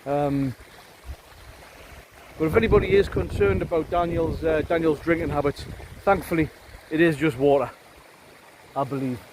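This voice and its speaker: A man's voice: fairly high pitch, normal speed, pauses often. A middle-aged man talks casually to camera on a hike, rambling with lots of ums and uhs and some wry teasing of his companion. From Northumberland, England. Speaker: hiking vlogger. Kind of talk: casual walking commentary. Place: windy open hillside outdoors. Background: wind and background music.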